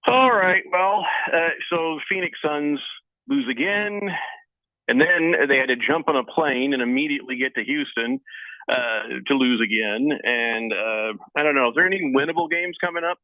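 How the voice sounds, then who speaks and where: A man hosting a casual sports radio show, reading listener messages aloud in a jokey, lively way. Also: on the high side, dry recording. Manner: jokey, lively, talks fast in spurts. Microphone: phone line into the studio. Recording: tinny phone line, dry.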